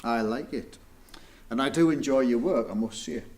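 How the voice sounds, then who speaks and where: A man's voice: mid-range voice, moderate pace, darkish tone. A man hosting a business interview, teasing his guest. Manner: playful, teasing. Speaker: podcast host. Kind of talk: casual interview chat.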